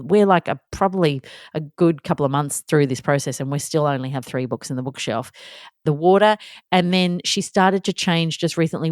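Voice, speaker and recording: Chatty low-voiced mum telling bedtime stories. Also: female voice, darkish tone, no room sound, clean studio sound. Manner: chatty and self-deprecating, acts out little scenes. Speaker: podcast host. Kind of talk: candid solo podcast monologue.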